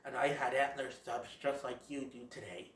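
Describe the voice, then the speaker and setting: A fan reviewer voicing a stately old stag father in a low, hushed voice, in a roomy space. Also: flat delivery, normal speed, far from the mic, natural voice. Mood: solemn. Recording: roomy echo.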